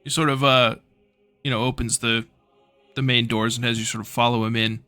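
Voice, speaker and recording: Bright-voiced casual man running a game. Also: medium pitch, level tone, brisk, no echo, faint music behind. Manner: casual, swearing, hesitant fillers. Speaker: game master. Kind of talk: narrating a tabletop game.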